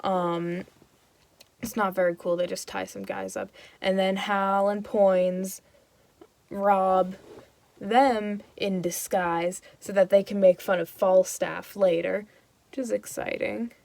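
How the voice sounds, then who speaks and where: A woman's voice: mid-range voice, slow pace, creaky, darkish tone, no room sound. Young woman host, casual rambling comic summary, dry close sound.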